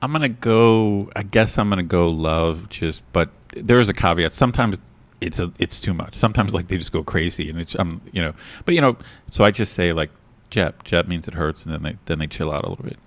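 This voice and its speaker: A man's voice: sits low, fairly quick, no echo. A man co-hosting a casual podcast, chatting with some hesitation and reading the closing announcements steadily. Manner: relaxed, hesitant in chat, steady when reading promos. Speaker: podcast co-host. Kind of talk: casual podcast chat and scripted outro.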